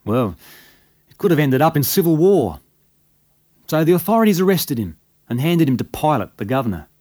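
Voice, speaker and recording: A man's voice: a little high, very animated, normal speed, dark tone. A man with an Australian accent, telling a story in a folksy, conversational bush-yarn manner as scripted radio narration.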